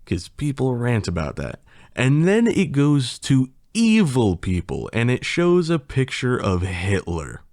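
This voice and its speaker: A man's voice: mid-range voice, wildly swooping pitch, a little slow, darkish tone, dry recording, studio quality. A man chatting casually and reading a poem aloud, rambling, swearing and laughing often. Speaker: channel host.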